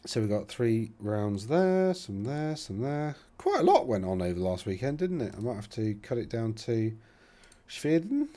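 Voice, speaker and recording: A man's voice: mid-range voice, big pitch swings, normal speed, dark tone. A man hosting a casual commentary, rambling and thinking aloud with self-deprecating asides as he browses results. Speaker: host.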